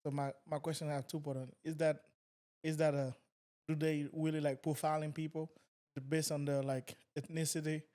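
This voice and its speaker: A man's voice: fairly high pitch, flat delivery, fairly quick, mellow. A man hosting a podcast, asking questions hesitantly with many filler words. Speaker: podcast host. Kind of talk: interview questions.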